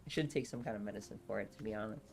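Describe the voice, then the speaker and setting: A woman with a low voice and a sore throat riffs casually on a live stream. She giggles often and rambles, restarting her sentences as she goes. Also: very fast, vocal fry, a little mellow, a little hiss or hum. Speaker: streamer reading a novel aloud.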